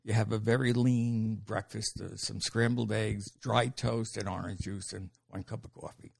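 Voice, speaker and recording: An older New York man with a lowish, creaky, slightly rough voice speaks at a moderate pace. He's a comedian in a casual interview, telling profane stories, acting out the people in them and swearing freely as he quotes them.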